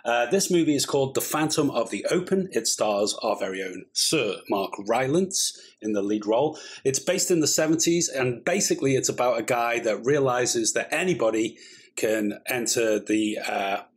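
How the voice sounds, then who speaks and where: Husky chatty man. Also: medium pitch, expressive, normal speed. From Britain. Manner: chatty, jokey, rambling asides. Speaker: film reaction co-host. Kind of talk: casual chat.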